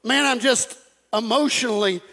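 A man preaching an animated sermon, acting out dialogues and repeating phrases. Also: very high voice, normal speed, vocal fry. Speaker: pastor.

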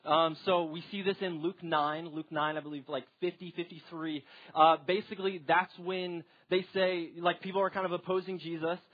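Young guy going through scripture, chatty, lots of ums and likes, kinda husky voice, dull lo-fi sound. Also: on the high side, fairly even intonation, normal speed. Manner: conversational, lots of fillers like "um" and "like". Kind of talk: casual Bible teaching. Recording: dull lo-fi recording.

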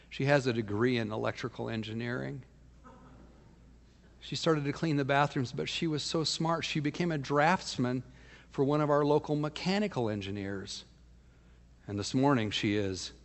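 A male pastor preaching a storytelling sermon at a middling pitch. He speaks emphatically, sometimes sinking to a hushed near-whisper. His voice rings with the long reverb of a large church sanctuary. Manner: storytelling, emphatic, dropping to a hushed voice for intimate points.

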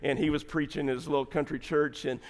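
A man's voice: on the high side, level tone, a little fast, in a large hall. A middle-aged man, a pastor, telling a humorous family story in a chatty sermon, laughing often. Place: church sanctuary.

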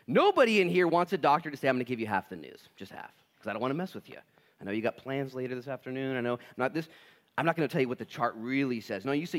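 A male pastor preaching a sermon in a church, talking casually and acting out little scenes in quoted voices. His pitch swoops widely as he jumps from hushed asides to loud, excited lines. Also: quick pace. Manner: animated, acts out quoted dialogue, casual slang. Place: church sanctuary.

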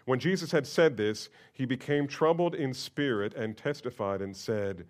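A man's voice: medium pitch, normal speed, hardly any pauses. Emphatic preaching man. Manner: expressive preaching, rising to loud emphatic outbursts. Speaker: pastor. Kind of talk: sermon.

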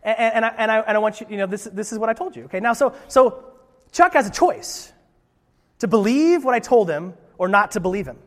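Lively high-voiced preaching man. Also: brisk, in a large hall. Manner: lively, conversational preaching with playful asides. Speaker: pastor. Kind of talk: sermon.

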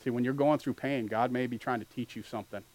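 A man preaching a sermon as pastor, earnest and building to loud animated peaks. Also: mid-range voice, fast talker, rough recording.

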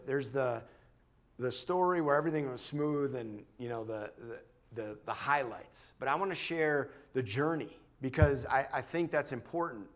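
Brief: man giving a church testimony, earnest and halting, mid-range voice, restarts often. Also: mid-range voice. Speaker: church member sharing a testimony. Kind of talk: personal testimony talk.

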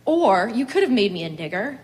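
A woman voicing a furious middle-aged farm wife who rails and shouts at heaven in a reading of a story. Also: mid-range voice, sing-song, fairly quick, big-room sound, natural voice. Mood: indignant. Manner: fierce, indignant, shouting.

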